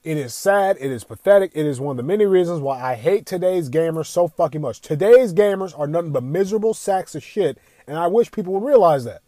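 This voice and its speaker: High-voiced man ranting, heavy swearing. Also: expressive, brisk, hardly any pauses, mellow, no echo. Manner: profane, exasperated ranting. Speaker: gaming commentator. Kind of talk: ranting commentary.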